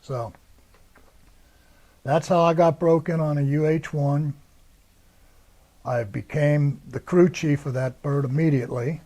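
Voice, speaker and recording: A man's voice: a little high, steady tone, a little slow, pauses often, warm tone. Older American man telling war stories. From United States. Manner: rambling storyteller acting out quoted dialogue. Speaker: interviewee, Marine veteran. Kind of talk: oral history interview.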